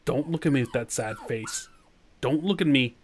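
Animated man yelling at a game. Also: mid-range voice, normal speed, slight background noise. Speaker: gaming channel host. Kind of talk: let's play commentary.

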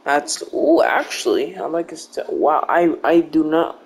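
Slow-talking young man rambling over gameplay. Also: a little high, expressive, vocal fry, a little hiss or hum. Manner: rambling, joking, blunt trash talk. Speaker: gaming video creator. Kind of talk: casual gameplay commentary.

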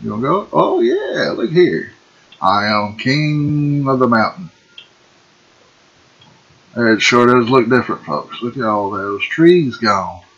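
A man giving folksy, excitable gameplay commentary and calling the viewers folks. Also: medium pitch, slow pace, vocal fry, pauses often, muffled recording. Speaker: gaming video host. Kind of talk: casual let's-play commentary.

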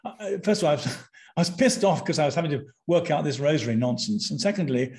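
This is an older Briton guesting on a podcast, his voice on the high side and his delivery fast. Animated and intense, he relates something personal, frequently restarting as he goes.

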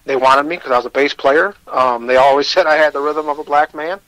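A man's voice: on the high side, fairly even intonation, a little fast, a bit bright, dry recording, rough recording. A man with a Michigan accent, telling his personal story as a radio guest, candid and self-deprecating, with hesitant restarts.

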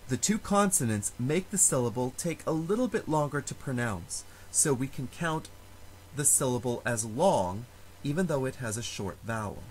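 A man teaching a Latin lesson, explaining stress rules slowly and carefully and sounding out example words. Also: medium pitch, expressive, a little mellow, slight background noise, poor audio. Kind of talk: recorded lecture.

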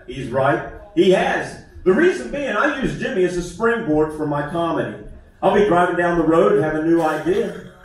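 A man's voice: a little high, lively intonation, normal speed. A man doing a self-deprecating, conversational stand-up comedy set on a theater stage. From West Virginia. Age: 50s. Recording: echoey theater from far off.

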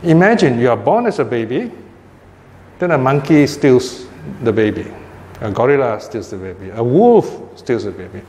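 A man's voice: mid-range voice, sing-song, moderate pace, darkish tone. Older man, Buddhist teacher, chatty informal talk, long hall reverb, faint room noise. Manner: conversational, frequent "you know" and "right?" tags.

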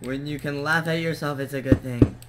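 A man's voice: fairly high pitch, fairly even intonation, a little fast. A young man hosting his own game channel, chatting casually as he builds, easily distracted, laughing at his own mistakes and counting blocks aloud. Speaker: gaming channel host. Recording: loud background noise and keyboard clicks.

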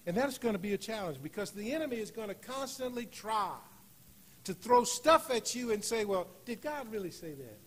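A man with a high voice preaches a sermon in a church sanctuary. He slows on key phrases and climbs to loud, emphatic peaks. A faint hum of room ambience sits behind him. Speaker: guest preacher.

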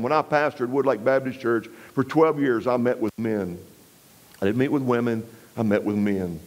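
A West Texas preacher gives a revival sermon as homespun storytelling, lowering his voice to a quiet murmur for emphasis and hitting scripture harder. He talks at normal speed on a low-quality recording.

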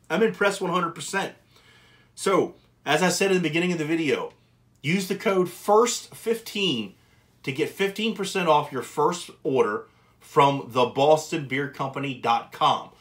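A man's voice: mid-range voice, fairly bright tone. A man hosting his own channel, giving an emphatic, upbeat product review straight to camera and repeating words for emphasis.

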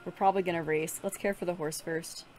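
A woman's voice: fairly low pitch, fairly even intonation, fast, a little mellow, a little hiss or hum. A young woman hosting a gaming channel, giving casual commentary as she plays, frustrated, swearing at her horse and laughing between insults.

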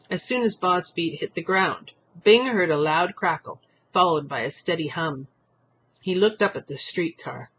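A man reads a young adult novel aloud at a moderate pace, his voice on the high side. He narrates expressively, voicing characters and thoughts, though the recording is muffled with slight background noise.

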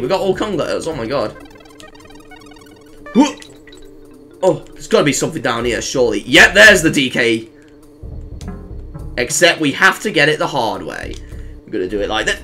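A man commentating on his own gameplay in an excitable way, yelping and reeling off strings of "no". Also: mid-range voice, moderate pace, pauses often. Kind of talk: let's play commentary. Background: faint game music.

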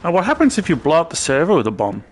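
A man's voice: fairly high pitch, wildly swooping pitch, very fast, breathy edge. A man streaming a VR shooter, joking and swearing in casual banter with friends. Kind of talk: casual gaming chat.

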